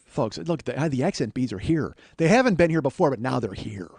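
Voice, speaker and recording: A man in his forties hosting a comedy podcast, telling a story in an animated way, swearing and laughing at himself. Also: medium pitch, fast talker, husky, dry recording. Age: 40s.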